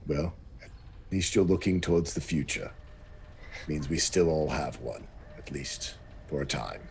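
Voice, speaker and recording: A man voicing a solemn, philosophical male sage in a fantasy role-play game, speaking slowly and gravely. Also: a bass voice, animated, slight background noise, voice pushed down, heavily acted. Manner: slow, grave, measured speech.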